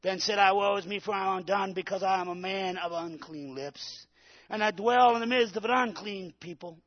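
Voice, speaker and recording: A man preaching a Pentecostal sermon, shouting at the peaks and calling out to the congregation for answers. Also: sits high, normal speed, lo-fi sound. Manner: preaches with rising shouts and call-and-response. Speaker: pastor.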